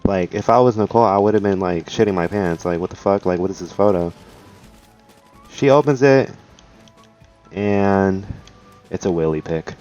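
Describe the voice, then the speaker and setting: A young man on a live stream rambles through a story, swearing a lot and dropping "like" into every sentence. His voice sits a little low, and soft music plays faintly behind him. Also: moderate pace, long pauses, dull audio. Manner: rambling, profane, full of "like". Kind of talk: casual storytime chat.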